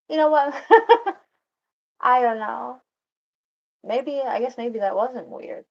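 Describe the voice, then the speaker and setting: A woman's voice: a little slow, dull audio. Rambling woman telling a story. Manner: meandering, self-interrupting, laughs often, quotes others in a higher voice.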